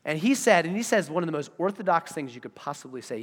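In a reverberant church hall, a pastor preaches a sermon in an animated way, acting out the voices of the people he describes. His voice sits on the high side and moves fairly quickly.

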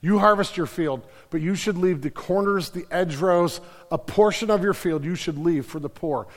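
A man preaching a sermon as pastor, animated, with frequent restarts and repeated words. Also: high voice, normal speed. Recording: long hall reverb.

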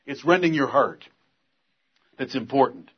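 A man's voice: mid-range voice, animated, unhurried, husky, highs cut off. A man preaching a sermon, earnest, reading scripture aloud and pressing the point with force.

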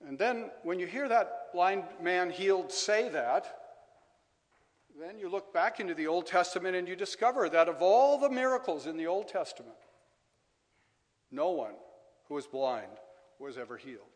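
A man preaches a sermon with a somewhat high voice. His delivery is measured, and he repeats key phrases softly for weight. The sound rings with the long reverb of a church hall. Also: lively intonation. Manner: measured, dropping to soft emphatic repetitions.

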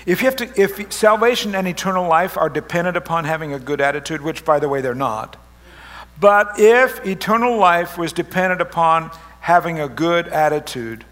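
A middle-aged pastor delivering a lighthearted sermon in church, his voice pitched high for a man. He jokes and teases the congregation with animated, playful delivery. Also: normal speed. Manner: joking, animated, teasing the congregation. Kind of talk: humorous sermon. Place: church service.

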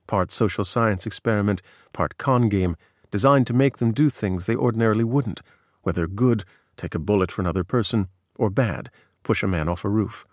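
A man in steady, measured scripted narration of a magazine article. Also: on the low side, no echo, clean studio sound.

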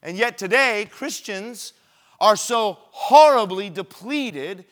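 A man's voice: high-pitched, animated, takes it slowly, fairly bright tone. A man preaching a sermon, telling a personal story and building to emphatic preaching.

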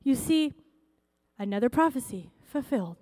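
A woman pastor preaching a sermon in a conversational, excitable way that rises to shouting. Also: sits high, moderate pace, dry recording, clean studio sound.

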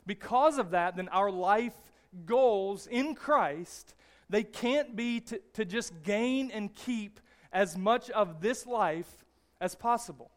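High-voiced conversational preacher, man. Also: takes it slowly. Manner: conversational, restarts often, frequent "all right?" tags. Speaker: pastor. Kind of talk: sermon.

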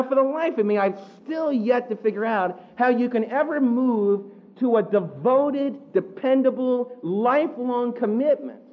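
A man preaching a sermon, animated, acting out the quotes he tells. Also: very high voice, dull audio. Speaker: pastor.

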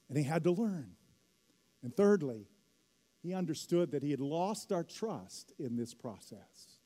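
A man's voice: fairly high pitch, sing-song, a little slow, warm tone. A middle-aged man preaching a sermon as pastor, telling a story and rising to emphatic peaks. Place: church hall. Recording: long hall reverb.

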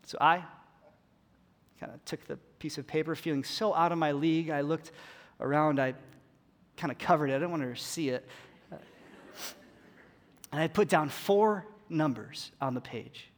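A man's voice: fairly high pitch, moderate pace, long pauses. A man pastor telling a story in a sermon, conversational and self-deprecating. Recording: long hall reverb.

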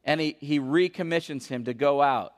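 A man preaching a sermon as pastor, questioning the congregation and swinging between loud emphasis and hushed intensity. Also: on the high side, moderate pace. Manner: questions the congregation and calls for answers. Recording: long reverb of a large hall.

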